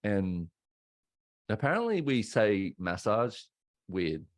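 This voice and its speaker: A man's voice: fairly low pitch, big pitch swings, slow, no echo. An Australian man in his thirties, a podcast host telling a candid personal story in a casual, conversational way. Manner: candid, conversational, acts out quoted voices.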